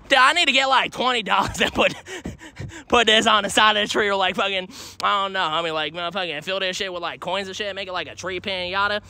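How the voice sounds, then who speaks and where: Bright-voiced, foul-mouthed young man streaming. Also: animated, fast. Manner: rambling, heavy swearing, pitching strangers. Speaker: livestreamer. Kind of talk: live street streaming. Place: outdoors on a city street.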